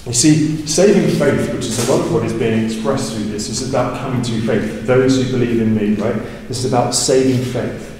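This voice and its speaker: A man with a mellow, warm voice preaches a sermon, explaining scripture conversationally and checking in with "right?". He is picked up from a distance in a big church hall with a long, roomy echo, and faint ambience sits behind him. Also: moderate pace, hardly any pauses, a little hiss or hum. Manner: rises in pitch and volume for emphasis. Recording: far from the mic in a big echoey hall.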